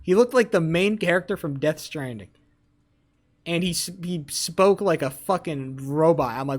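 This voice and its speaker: A man's voice: a little high, moderate pace. A man livestreaming, telling a rambling story and teasing his chat. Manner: animated, profane, rambling storytelling.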